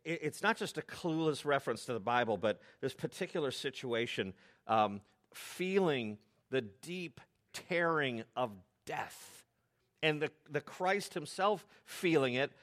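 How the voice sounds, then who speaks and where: A middle-aged man from the United States preaching a sermon, telling stories in a conversational way with animated asides. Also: fairly high pitch. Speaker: pastor.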